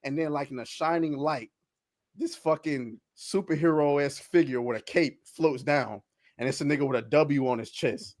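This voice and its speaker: A man spins a story in loose podcast chat, his voice sitting a bit high. He acts out the characters with lots of animation and laughter. The sound is dry and close. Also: normal speed, darkish tone, no room sound. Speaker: podcast co-host.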